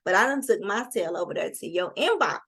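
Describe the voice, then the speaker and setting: A woman hosting a relaxed interview chat. She talks in quick, animated bursts with plenty of colloquial turns of phrase. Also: mid-range voice, slightly rough. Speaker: interview host.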